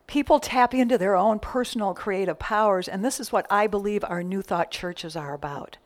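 Woman minister, sermon, medium pitch, animated with whispered asides. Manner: lively storytelling with dropped, whispered asides.

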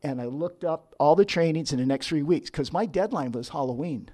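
A man's voice: fairly high pitch, expressive, brisk, dark tone. A middle-aged man, a counselor, telling a personal testimony story with frequent restarts. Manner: storytelling, acts out quotes, self-interrupting restarts. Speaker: licensed professional counselor.

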